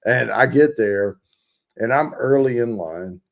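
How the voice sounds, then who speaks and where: A man's voice: medium pitch, expressive, unhurried, vocal fry. Middle-aged man telling a shopping story. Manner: storytelling, swearing freely. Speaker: host. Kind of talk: casual chat over beers.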